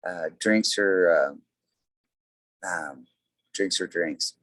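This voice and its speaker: A very deep-voiced man speaks as a guest in a relaxed interview, his talk full of "uh" and "you know" as he rambles through stories. The sound is dry and close, with no room behind him. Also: extremely slow, no room sound, poor audio. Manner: rambling storyteller, many fillers. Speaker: guest, tribute band singer. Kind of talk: casual interview chat.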